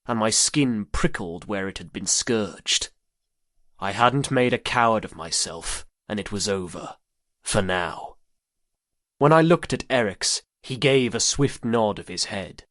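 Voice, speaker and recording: A man reading a first-person story as an audiobook narrator, in a measured, even way. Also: fairly low pitch, dry recording, studio quality.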